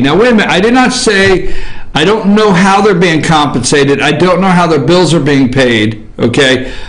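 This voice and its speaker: A male talk show host delivers opinion commentary from an office at an unhurried, drawn-out pace. He rambles, circles back on his own phrases and punctuates his points with a questioning "okay?". The room around him is echoey. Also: on the high side. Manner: rambling, repeats himself, tags lines with "okay?".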